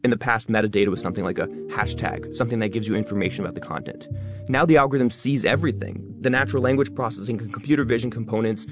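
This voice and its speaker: A young man in his twenties or thirties, a content creator talking fast as an interview guest and stressing many words. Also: lowish voice, over music. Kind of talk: interview conversation.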